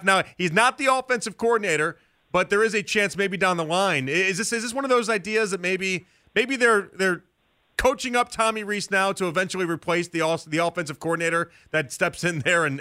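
A man's voice: sits high, fairly quick, pushed and bright. A man from Chicago hosting a sports radio show, chatty and conversational as he questions a guest. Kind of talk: radio interview host.

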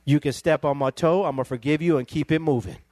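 A male pastor, preaching a sermon that climbs into emphatic, excited peaks. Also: on the high side, fast, no room sound.

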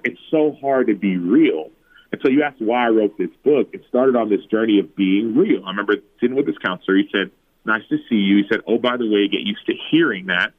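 A man in his thirties, a former football player, tells personal stories in an interview, acting out quoted lines in a higher voice. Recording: tinny phone-like remote line.

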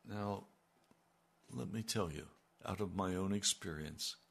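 Slow gravelly older man preaching. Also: deep voice, fairly bright tone. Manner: slow and emphatic, rising in intensity when quoting God. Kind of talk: sermon.

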